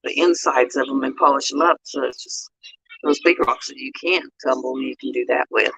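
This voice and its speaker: A woman's voice: extremely low pitch, moderate pace, fairly bright tone, breathy edge, dry recording. A woman hosting a live stream, talking in a rambling, chatty way. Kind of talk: casual live-stream chat. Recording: dull, dry lo-fi sound.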